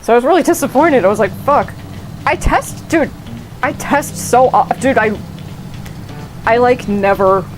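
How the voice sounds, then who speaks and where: A woman's voice: a little high, animated, normal speed, long pauses, slight background noise, low-quality recording. A young woman streaming a game, rambling and swearing as she cuts herself off mid-sentence. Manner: rambling, profane, self-interrupting. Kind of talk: casual gameplay commentary. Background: faint game music.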